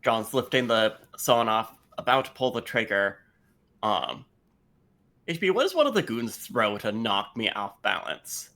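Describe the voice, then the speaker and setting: A man playing a tabletop role-playing game, narrating his character's actions in a laid-back, halting way. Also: medium pitch, very animated, pushed and bright. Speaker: player.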